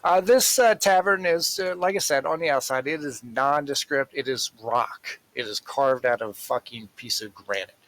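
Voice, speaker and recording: A man narrating a tabletop role-playing game as game master, in a slow, rambling, casual way with fillers. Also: medium pitch, a bit bright, no echo, poor audio.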